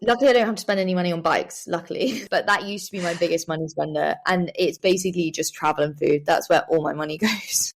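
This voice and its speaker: Gravelly-voiced young woman, chatty. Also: fairly low pitch, fast, few pauses. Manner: chatty, many fillers and likes. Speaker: guest, professional cyclist. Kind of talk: casual interview chat.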